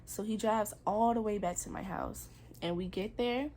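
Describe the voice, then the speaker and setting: A woman's voice: medium pitch, moderate pace, background noise. A young adult woman telling her own story in a personal vlog, candid and earnest, with casual slang. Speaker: vlogger.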